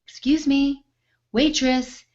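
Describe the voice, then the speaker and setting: A woman's voice: sits high, little pitch movement, slow, a little mellow, highs cut off, voice pushed up. A woman putting on a pushy, impatient diner customer. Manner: pushy, insistent, snappish.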